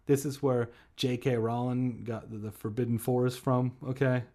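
A man's voice: medium pitch, level tone, moderate pace, mellow. A man reading a spooky children's book aloud with sarcastic, mocking asides. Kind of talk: comedic read-aloud with commentary.

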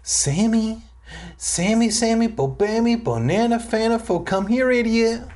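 A man voicing a bossy, whiny younger brother who yells and whines in a shrill voice. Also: very animated, slow, full character voice. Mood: taunting. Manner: shrill whining yelps.

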